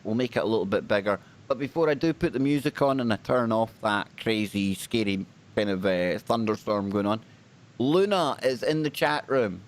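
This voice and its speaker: A man with a British accent hosting a live paranormal stream, talking casually and joking with his audience. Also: medium pitch. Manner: lively, jokey, chatty with the audience. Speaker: host.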